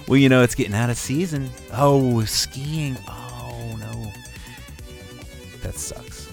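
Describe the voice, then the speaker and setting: A man co-hosting an internet radio show in casual, rambling chat, reading out shout-outs and chuckling often. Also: medium pitch, takes it slowly, gravelly, soft background music. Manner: laid-back, rambling, chuckles a lot.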